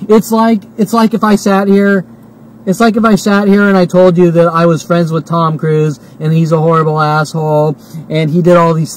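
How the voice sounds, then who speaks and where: A man's voice: high-pitched, darkish tone, poor audio. A man in his forties ranting to camera in a heated, repetitive monologue, swearing often and hiccuping and burping as he talks. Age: 40s. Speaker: vlogger.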